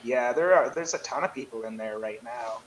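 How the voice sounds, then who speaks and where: A man's voice: mid-range voice, brisk, a little hiss or hum, poor audio. A man, a guest musician, speaking in a laid-back, modest way. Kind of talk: casual interview chat.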